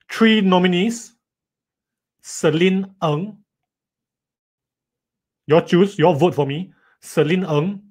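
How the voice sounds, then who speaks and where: A man teaching a live online writing lesson, reading students' sentences aloud and teasing them playfully. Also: fairly high pitch. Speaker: writing tutor.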